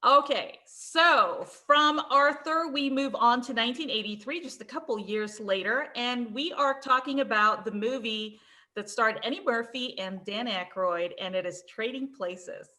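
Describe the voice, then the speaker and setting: Bright voiced lady co-host, giggly, chiming in with movie trivia. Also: on the high side, a little slow. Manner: laughs often, adds trivia. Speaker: podcast co-host. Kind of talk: casual film chat.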